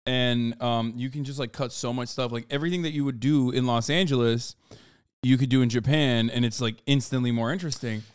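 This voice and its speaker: A young man hosting a podcast, talking in joking, animated banter. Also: mid-range voice, brisk, clean tone. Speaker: podcast host. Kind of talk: casual podcast chat.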